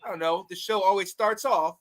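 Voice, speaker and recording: A man's voice: high-pitched, fairly quick, noisy background. A man guest-hosting a casual sports talk show, upbeat and slangy, with frequent laughter. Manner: hype, slangy, laughs often. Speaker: guest host.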